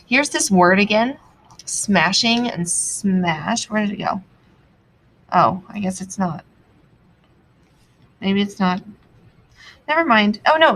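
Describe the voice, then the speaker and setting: A young adult woman teaching, annotating a text aloud as she reads, thinking out loud with many pauses. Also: mid-range voice, slight background noise, low-quality recording.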